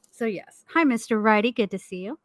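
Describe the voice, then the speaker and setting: A woman's voice: a little high, normal speed, no room sound, studio quality. A middle-aged woman co-hosting a live stream chat from home, telling a rambling story full of swearing and laughs. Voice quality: animated, swears a lot, laughs often. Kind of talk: casual profane storytelling.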